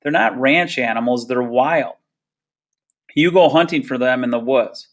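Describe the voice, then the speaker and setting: A man's voice: mid-range voice, measured pace, close to an everyday voice. A man doing a teasing teenage buddy. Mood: joking. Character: wisecracking teenage boy, the hero's buddy.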